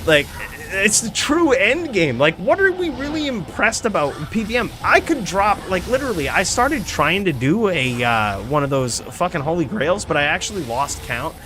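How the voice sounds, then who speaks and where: A male streamer hosting a live show, talking in an excitable, rambling, profane way about the game he plays. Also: high-pitched, moderate pace, background noise. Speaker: streamer host. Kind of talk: casual live-stream chat.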